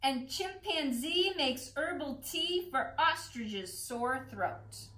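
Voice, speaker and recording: A woman's voice: high-pitched, lively intonation, takes it slowly, bright, forceful tone, full character voice. A woman voicing an eager, exclaiming male cat in a rhyming picture book. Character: excitable male storybook cat. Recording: echoey room.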